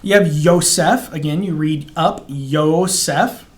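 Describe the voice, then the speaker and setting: A man teaching Biblical Hebrew pronunciation in a casual spoken lesson, stretching out words slowly to model them and checking in with "okay?" after each. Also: a little high. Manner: encouraging, informal, restarts and fillers.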